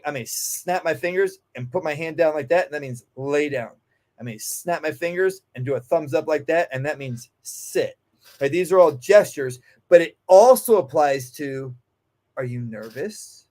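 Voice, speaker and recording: A man who trains dogs, talking casually in an interview and acting out nervous and calm voices as examples. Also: fairly high pitch. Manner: animated, acts out anxious and calm voices to make a point. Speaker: dog trainer.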